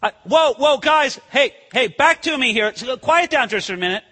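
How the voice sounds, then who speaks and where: A man's voice: high voice, expressive, moderate pace, bright, forceful tone, slightly rough, big-room sound, heavily acted. A man voicing an imagined adult Jesus who talks to his followers in casual modern slang. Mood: exasperated.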